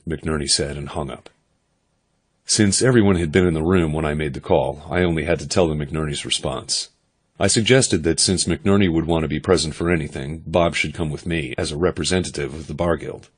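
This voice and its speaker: A man doing steady, measured first-person audiobook narration. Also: rumbling low, husky.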